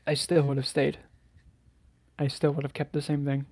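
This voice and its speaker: A man telling a personal story to camera in a halting, hesitant way, with many restarts and sighs. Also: a little high, completely flat delivery, a little mellow. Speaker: channel host.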